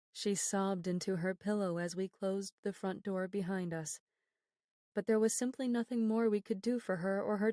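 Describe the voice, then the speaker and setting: A woman reading a horror novel aloud as an audiobook narrator, in a measured, grave storytelling manner, recorded on a close studio mic. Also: fairly low pitch, darkish tone, no room sound. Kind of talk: scripted narration.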